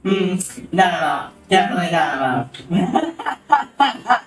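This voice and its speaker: A man's voice: high voice, very animated, slow pace. A man streaming a game, commenting casually in a rambling, swearing way that keeps cutting itself off. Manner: rambling, swearing, self-interrupting. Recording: roomy, distant mic, faint music.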